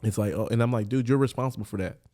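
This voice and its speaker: A man's voice: fairly low pitch, very fast, dark tone. A man who is a podcast guest, candidly and earnestly telling his personal story in casual street talk in a studio.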